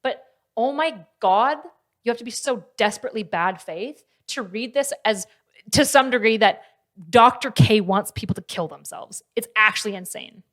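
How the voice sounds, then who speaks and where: A woman streaming, reacting to clips and arguing her case in quick, animated bursts. Her voice rises and falls a lot as she presses a point. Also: on the high side. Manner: animated, argumentative, talks fast in bursts. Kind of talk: casual livestream commentary.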